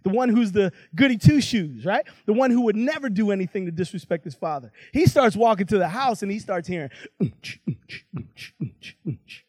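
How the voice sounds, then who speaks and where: Man preaching, casual asides, high pitch, close and dry. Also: fairly quick, few pauses, no room sound. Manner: conversational, animated storytelling with asides. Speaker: guest preacher. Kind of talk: sermon.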